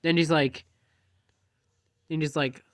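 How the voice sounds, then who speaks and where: A man's voice: fairly high pitch, steady tone, takes it slowly, no room sound, studio quality. A man casually telling a rambling fan story, jumping animatedly into quoted dialogue.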